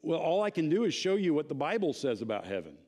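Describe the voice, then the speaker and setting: A man's voice: a little high, very animated, fast talker, a little mellow. A man teaching a church Bible class in a conversational, emphatic way, often checking in with his listeners.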